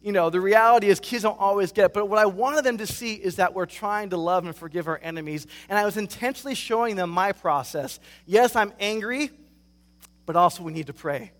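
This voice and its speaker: A man preaching a sermon as pastor, telling stories in an animated way and acting out reactions. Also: high voice, a little fast, in a large hall. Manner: animated storytelling, acts out reactions.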